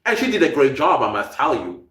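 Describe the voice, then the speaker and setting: Reading out viewer comments on his live podcast, a South African man whose accent carries a slight American tinge chats casually and laughs often. His mid-range voice is sing-song and fairly bright, a little fast, with reverberant audio.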